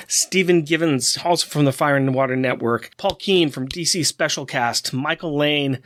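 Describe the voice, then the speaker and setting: Male podcast co-host, somewhat high voice, dry close sound, lively storyteller. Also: no echo. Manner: excited, animated storytelling. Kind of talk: casual chat.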